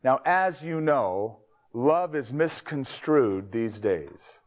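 A man's voice: mid-range voice, animated, slow pace. Folksy male pastor telling a story. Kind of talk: sermon with a folksy joke.

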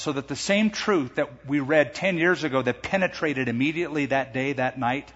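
A middle-aged man preaching a sermon to a congregation, slowing down and raising his voice on the words he stresses. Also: medium pitch, fairly bright tone. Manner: emphatic, slows and lifts his voice on key words. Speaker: pastor. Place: large church sanctuary. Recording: dull sound with long hall reverb.

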